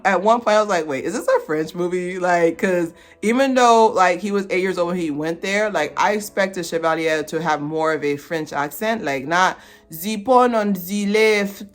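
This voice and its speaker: A woman giving a casual movie review vlog, animated and slangy, laughing as she talks. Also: lowish voice.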